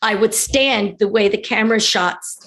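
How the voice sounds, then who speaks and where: A woman who is a podcast guest, telling lively childhood stories in casual chat and acting out the voices. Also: medium pitch, moderate pace. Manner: animated, acts out voices in her stories.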